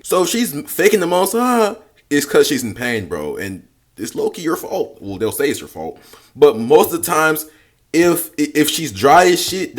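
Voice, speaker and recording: A man with a fairly high voice gives casual dating advice while reacting to a clip. His delivery is blunt and slangy, with a mock-lecturing edge.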